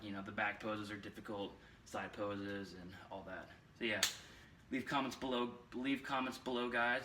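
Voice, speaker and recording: A man's voice: on the low side, sharp tone, slight background noise. A young man coaching bodybuilders in a casual vlog, rambling with lots of fillers and slightly out of breath. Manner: rambling, repeats himself, many fillers. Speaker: fitness coach. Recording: roomy echo, mic far off.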